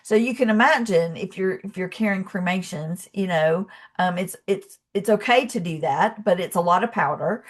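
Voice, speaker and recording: A woman's voice: mid-range voice, moderate pace, few pauses. A middle-aged woman hosting her own channel, telling a personal story in a heartfelt, conversational way, with many fillers, and closing with an earnest, inspirational call to her viewers. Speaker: channel host.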